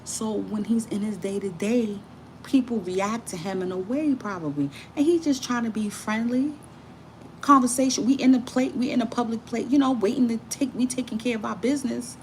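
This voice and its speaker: A woman from the Bronx, reading affirmations and telling a casual story in a lively, slangy way, often laughing. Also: on the high side, moderate pace, a little hiss or hum. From the Bronx, New York.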